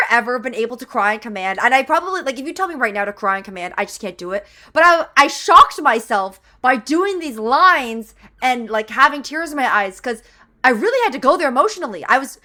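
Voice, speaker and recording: A woman's voice: high-pitched, sharp tone. A young woman voice actor chatting animatedly as she reacts to her show and acts out lines. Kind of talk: casual reaction commentary.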